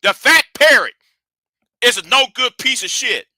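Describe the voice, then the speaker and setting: A man hosting a livestream, scolding and animated in a profane rant that swings from shouting to hushed. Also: very high-pitched, a little slow, no room sound. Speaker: livestream host.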